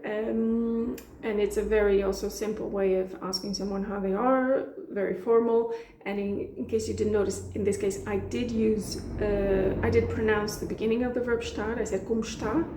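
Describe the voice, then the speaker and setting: A woman with a European Portuguese accent explains phrases in a mellow, relaxed voice, acting out bits of dialogue and laughing easily. Her voice rings with a roomy echo. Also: medium pitch, normal speed, a little hiss or hum. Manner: chatty, laughs often, acts out dialogue lines. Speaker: language teacher. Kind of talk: casual explanatory lesson.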